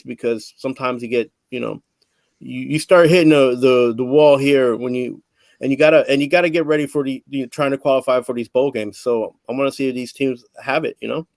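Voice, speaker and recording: A man's voice: mid-range voice, darkish tone, dry recording. A man co-hosting a casual sports talk show, teasing and disagreeing in banter.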